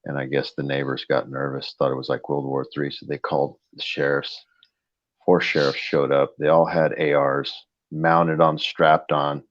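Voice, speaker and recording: A man's voice: very deep voice, completely flat delivery, normal speed, dry recording, highs cut off. A man telling a long story in a blunt, rambling way, repeating "I go" over and over as he retells it. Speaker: host of a live chat stream. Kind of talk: casual storytelling.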